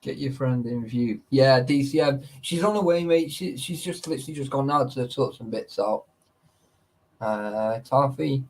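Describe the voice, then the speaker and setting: A man hosting a live stream, chatting loosely with viewers and the people around him. His pitch sits in the middle range. He talks in a laddish way, swears freely and laughs a lot. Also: rough recording. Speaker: livestream host. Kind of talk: casual live-stream chat.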